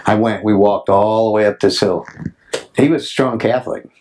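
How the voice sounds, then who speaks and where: A man's voice: lowish voice, moderate pace, a little mellow, slight background noise. A middle-aged man reminiscing casually, a rambling storyteller who acts out quotes, with many restarts. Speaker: former tour crew member recalling the road.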